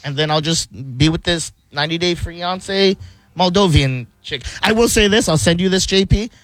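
A male radio host chatting on air in a dry, close studio sound. His voice sits a little higher than most men's, and he rambles through stories, stumbles over repeated words and breaks into laughter. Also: normal speed, a bit bright, no room sound. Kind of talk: casual studio chat.

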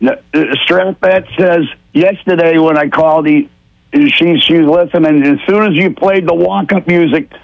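Man, radio caller, high voice, excited rambling fan, dry muffled phone sound. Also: moderate pace, creaky, dry recording. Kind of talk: casual call-in chat.

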